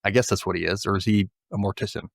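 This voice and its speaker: A man with a fairly low, creaky voice hosts a podcast at a quick pace, casually recapping a TV episode in an animated way. He briefly acts out the characters' lines as he retells scenes. The recording is dry and studio quality.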